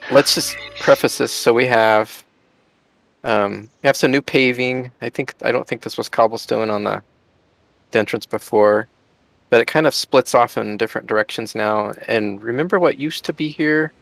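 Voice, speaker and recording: A man's voice: fairly low pitch, vocal fry. A man hosting a casual chat while touring a game park, chatty and laughing often. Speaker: host.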